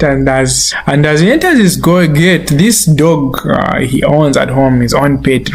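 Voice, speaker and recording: A man giving a devotional Bible teaching in an earnest, explaining manner. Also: on the high side. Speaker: preacher. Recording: soft guitar music behind.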